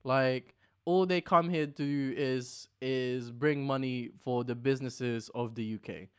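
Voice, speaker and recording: Smooth-voiced young man, jokey. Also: mid-range voice, steady tone, unhurried, a bit bright. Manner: jokey, sarcastic, laughs often. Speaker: podcast co-host. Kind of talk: casual chat.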